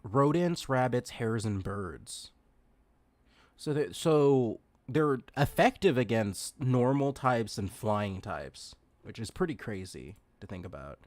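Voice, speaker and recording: An excitable streamer chats through a livestream reaction, gushing and giggling. The voice is mid-pitched and swoops widely up and down. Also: slow, no echo.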